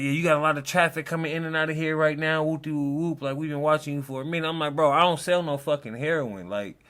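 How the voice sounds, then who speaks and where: A man's voice: fairly high pitch, bright, forceful tone, clear, resonant tone. A young man hosting a casual reaction chat, telling a story in loose slang and acting out the quotes. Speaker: host.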